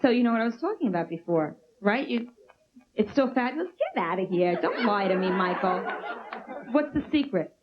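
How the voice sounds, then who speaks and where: A woman's voice: medium pitch, lively intonation, brisk. Brash woman stand-up, crowd work. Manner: brash, teasing the audience. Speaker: stand-up comedian. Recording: muffled old VHS tape with hiss.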